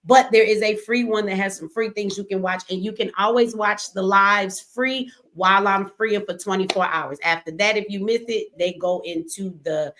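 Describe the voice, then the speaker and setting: Woman hosting a live show, aave, blunt and cussing, normal pitch. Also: steady tone, moderate pace, hardly any pauses, rough recording. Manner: blunt and profane, swings loud when scolding. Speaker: host of a live call-in show. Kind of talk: casual live-stream chat.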